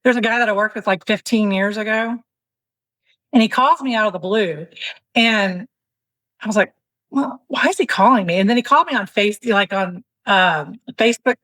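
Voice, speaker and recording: A woman in her fifties, a podcast guest, telling a candid comic story with lively back-and-forth dialogue and casual swearing. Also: mid-range voice, normal speed, no echo, low-quality recording. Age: 50s. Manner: animated, acts out both sides of a story, swears freely.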